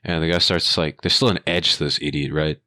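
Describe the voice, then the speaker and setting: Deep-voiced young man telling a profane story. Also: a little fast, no echo. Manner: animated, profane storytelling with acted quotes. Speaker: podcast co-host. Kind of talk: casual storytelling chat.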